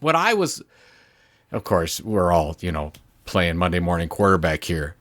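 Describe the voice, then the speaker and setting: A man's voice: low-pitched, sing-song, normal speed, fairly bright tone, no room sound. A man co-hosting a marketing podcast, chatting casually and ranting with an indignant edge. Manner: indignant, stumbling rants. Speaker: podcast co-host. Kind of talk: casual chat.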